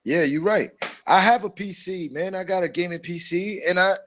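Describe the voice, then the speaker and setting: Man, high register, preachy, animated co-host. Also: moderate pace. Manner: animated, preachy, mocks others in a put-on voice. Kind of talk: casual gaming chat.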